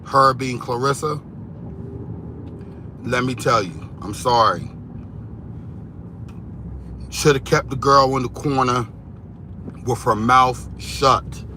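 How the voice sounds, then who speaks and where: A man giving rambling, animated gossip commentary on reality TV, repeating himself as he goes. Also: mid-range voice, background noise.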